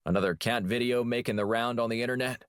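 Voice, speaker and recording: A man voicing a brusque, gruff older spy chief who loves cigars. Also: medium pitch, fairly even intonation, fast talker, a bit bright, no echo, studio quality, voice pushed up, close to an everyday voice.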